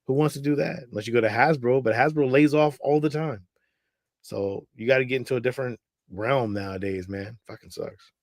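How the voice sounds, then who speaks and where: A man's voice: medium pitch, brisk, a little mellow, no room sound, clean studio sound. A man co-hosting a casual remote geek talk show, laid-back and swearing a lot, often trailing off. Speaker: podcast co-host. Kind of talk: casual chat. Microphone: remote stream mic.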